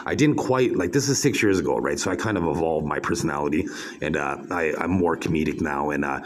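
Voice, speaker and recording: Low-voiced guy from canada rambling at the camera, lots of uh's and restarts, kinda aggrieved. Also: slight background noise. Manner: aggrieved, halting, many fillers and restarts. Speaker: vlogger.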